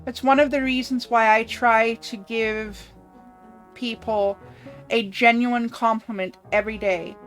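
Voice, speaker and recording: A woman's voice: a little high, fairly even intonation, faint music behind. A woman streaming a game live, casually commenting and reading messages aloud. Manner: quick, casual, reads chat aloud.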